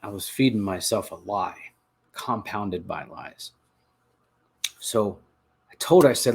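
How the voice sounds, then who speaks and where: A man with a low, gravelly voice that turns husky at the edges. He narrates his own story in a confessional way, earnest and halting. He repeats words and restarts his sentences as he goes. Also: expressive. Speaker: podcast host telling his recovery story.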